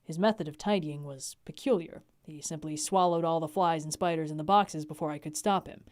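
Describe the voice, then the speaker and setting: A young adult woman reading a classic novel aloud on a livestream, with an expressive delivery. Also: sits low, brisk. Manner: expressive reading, laughs in chat breaks.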